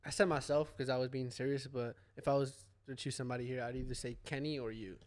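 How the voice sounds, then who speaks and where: A man's voice: mid-range voice, level tone, fast. A man joining a casual podcast chat as a guest, joking around.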